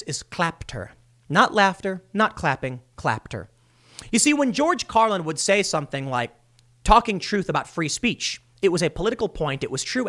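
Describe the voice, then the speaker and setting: Animated, high-voiced ranting male commentator. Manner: exasperated, sarcastic ranting; mocking voices when quoting people. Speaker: political commentary host. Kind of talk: solo commentary vlog.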